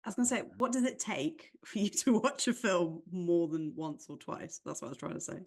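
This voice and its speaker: Brief: woman, podcast guest, giggly quick reactions, mid-low pitch. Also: lively intonation, a little mellow. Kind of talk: casual chat.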